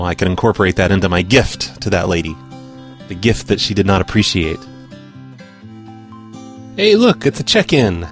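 A man making prank calls, talking to his listeners in between and posing as someone from a corporate office in a dry, mock-official tone. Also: fairly low pitch. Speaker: prank caller. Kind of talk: prank call commentary.

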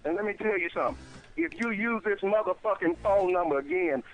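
A man's voice: sits high, expressive, brisk. A man answering a late-night prank call, cursing and threatening the caller in a furious, profane rant. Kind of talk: furious phone argument. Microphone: telephone. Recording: tinny phone line.

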